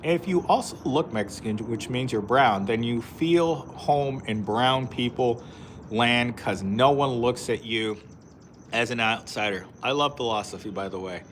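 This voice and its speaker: A man's voice: mid-range voice, a little slow, a little hiss or hum. A man live-streaming outdoors, chatting casually with viewers and reading their comments, rambling with lots of fillers and frequent laughs. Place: outdoors in a park.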